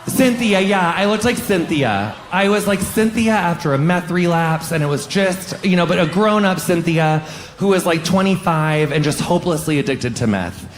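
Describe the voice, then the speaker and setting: Animated, swearing stand-up comedian, a man. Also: normal speed, a little hiss or hum. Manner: animated, frequent swearing, leaps up in pitch on punchlines. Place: stage in front of a live audience.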